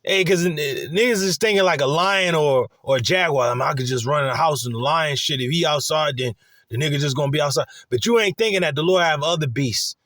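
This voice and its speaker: A man preaching a casual sermon in a profane, rambling, excitable way. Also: on the high side, fairly quick, dry recording, studio quality.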